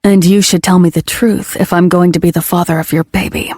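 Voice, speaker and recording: A woman voicing a brooding, possessive young man in a romance audiobook, his voice hoarse, low and growly, blunt and commanding. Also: steady tone, fairly quick, darkish tone, no echo, clean studio sound.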